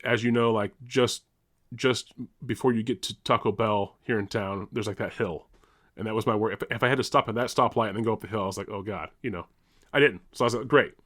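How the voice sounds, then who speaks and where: A man's voice: medium pitch, a bit bright. A young man co-hosting a podcast, telling a long story in casual chat, rambling, restarting, swearing and laughing as he goes. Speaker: podcast co-host.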